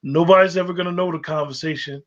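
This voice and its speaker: A man's voice: fairly high pitch, fairly even intonation, quick pace, a bit bright. A man talking as a guest in a casual conversation, hesitant and often restarting his sentences. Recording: dull lo-fi recording.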